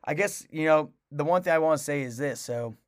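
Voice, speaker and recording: A man's voice: on the high side, a little fast, no room sound, studio quality. A young man co-hosting a casual podcast, telling a long story in a rambling way with lots of restarts. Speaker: podcast co-host. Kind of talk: casual chat.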